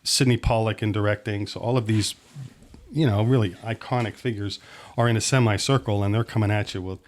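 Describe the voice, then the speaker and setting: A middle-aged filmmaker from Pennsylvania spins a long anecdote on a podcast, circling back and restarting his sentences. His voice sits on the low side. He slips into quoted dialogue as he goes. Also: steady tone, fairly quick, slight background noise. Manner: rambling, restarts mid-sentence, acts out quotes. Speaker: filmmaker guest. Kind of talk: anecdotal storytelling in a podcast chat.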